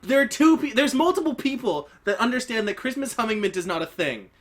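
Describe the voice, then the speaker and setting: Teasing woman co-host with lively pitch. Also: a little fast, breathy edge. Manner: teasing, playful. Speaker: let's play co-host. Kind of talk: casual gaming chat. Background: game music.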